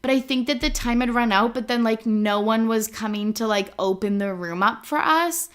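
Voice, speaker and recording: A woman's voice: on the high side, moderate pace, clean tone. A young woman from Canada hosting her own podcast, chatting casually with lots of filler words and casual swearing. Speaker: podcast host. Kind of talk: casual solo podcast chat.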